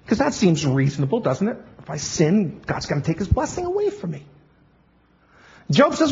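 A man's voice: high-pitched, sing-song, moderate pace. A man preaching a sermon in a playful teacher style, quizzing his congregation as if they were a class. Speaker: pastor. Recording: dull lo-fi recording.

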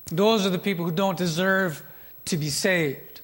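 Pastor, man, middle-aged, high pitched; storytelling sermon with asides to the congregation. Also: normal speed, a bit bright.

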